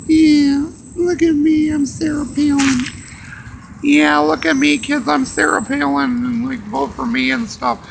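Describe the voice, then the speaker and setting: A man's voice: very high-pitched, little pitch movement, measured pace, creaky, noisy background, pitched above the performer's own voice, full character voice. A man mocking a preening, girlish woman politician. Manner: mocking, singsong. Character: preening female politician, showing off, high and girlish.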